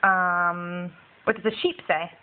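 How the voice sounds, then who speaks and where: A woman's voice: fairly low pitch, steady tone, slow pace. Woman patiently quizzing a toddler, phone-like. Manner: patient, repetitive questioning. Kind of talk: home video, asking a toddler questions. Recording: phone-like home video with faint noise.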